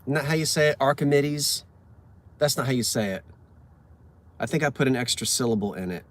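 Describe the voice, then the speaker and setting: A man's voice: medium pitch, animated, fast, fairly bright tone. A man chatting casually and reading out corny jokes, poking fun at himself and tripping over words. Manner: chatty, self-mocking, stumbles over words. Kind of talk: casual chat from a parked car. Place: inside a car.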